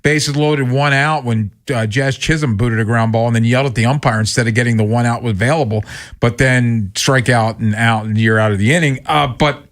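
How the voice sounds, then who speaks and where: Male radio host, average pitch, dry game recaps and quick stats. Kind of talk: sports radio talk.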